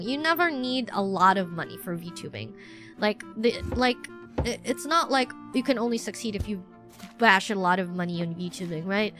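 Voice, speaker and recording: A woman's voice: medium pitch, fairly bright tone. Female streamer, casual chat, self-deprecating ramble, faint music bed. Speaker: VTuber streamer.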